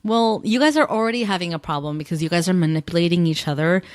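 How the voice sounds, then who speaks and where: A woman's voice: fairly low pitch, fast talker. A young adult woman co-hosting a podcast, recapping a show in blunt, casual chat with swearing and laughter. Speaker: podcast co-host.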